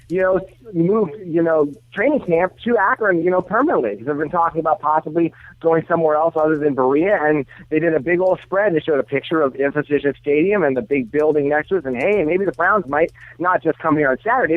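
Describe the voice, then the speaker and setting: An upbeat, enthusiastic man on a high-pitched voice, calling in to talk football. The sound comes over a tinny, dry phone line. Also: no room sound. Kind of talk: casual radio phone interview.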